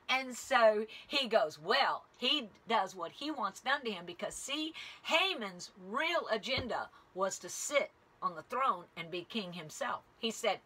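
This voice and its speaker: A woman leading a casual Bible study who retells scripture in an animated, chatty way. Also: a little high, unhurried, hardly any pauses, a little hiss or hum.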